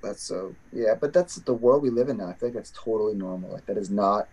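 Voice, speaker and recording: A man's voice: a little fast, a little mellow. A man chatting casually as a podcast co-host, teasing his friend and leaning on fillers. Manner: teasing, filler-heavy, jumps high in pitch when surprised. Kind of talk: casual chat.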